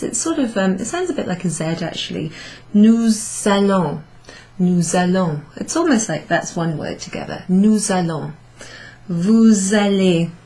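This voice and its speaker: A woman teaching a beginner class in a recorded lesson, speaking patiently and repeating each phrase for her learners. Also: fairly low pitch. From United Kingdom. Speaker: French teacher.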